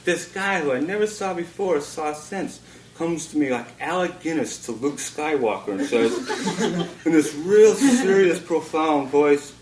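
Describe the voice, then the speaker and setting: A man's voice: a little high, animated, a little slow, darkish tone. A man performing a comic spoken-word monologue at a bookshop reading, drawling wryly and chuckling through his lines. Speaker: performance poet. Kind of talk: live spoken-word storytelling. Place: bookshop reading before an audience. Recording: roomy 1980s live recording with faint hiss.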